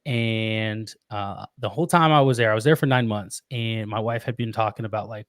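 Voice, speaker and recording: A man in his thirties telling a personal story in casual conversation, animated and laughing often. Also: lowish voice, brisk, few pauses, dry recording, studio quality. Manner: animated, laughs often, acts out quoted voices. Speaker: podcast guest.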